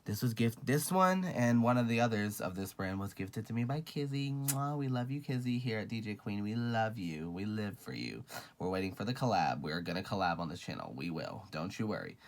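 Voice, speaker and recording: A man's voice: on the low side, very animated, fairly quick. A man hosting a casual makeup review vlog, sassy and gushing, calling viewers honey and girl and swearing freely. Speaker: beauty vlogger.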